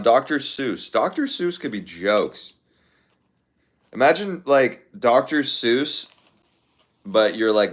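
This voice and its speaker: Laid-back man chatting on a livestream. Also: low voice. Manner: offhand, thinking aloud, with fillers and repeated phrases. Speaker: livestream host. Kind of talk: casual chat reading viewer comments.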